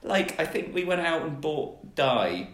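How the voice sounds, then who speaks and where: A man's voice: on the high side, very animated, measured pace, a bit bright. A young man chatting casually, hesitant with lots of fillers. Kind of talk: casual chat. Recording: echoey room.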